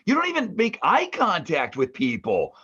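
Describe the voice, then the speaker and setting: A man from the northeastern United States co-hosting a podcast from his mother's basement, telling family stories in a casual, animated way with plenty of swearing. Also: high voice, normal speed, husky, lo-fi sound. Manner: animated storyteller, swears, acts out family members' voices. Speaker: podcast co-host.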